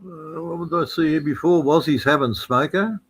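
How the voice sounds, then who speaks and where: A man's voice: a little high, moderate pace, fairly bright tone, husky, rough recording. A man co-hosting a casual live-stream chat, blunt and swearing freely.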